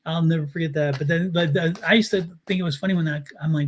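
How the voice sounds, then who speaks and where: Chatty Baltimore man with a high voice. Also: fast. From Baltimore, United States. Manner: chatty animated storyteller. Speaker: tarot reader and co-host. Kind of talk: casual live-stream chat.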